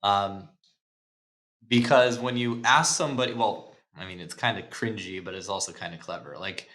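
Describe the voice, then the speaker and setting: A man's voice: fairly low pitch, normal speed, a bit bright. A man hosting a podcast, breaking down movie scenes in casual chat, laid-back, swearing and laughing often. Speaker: podcast host. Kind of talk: casual film-analysis chat.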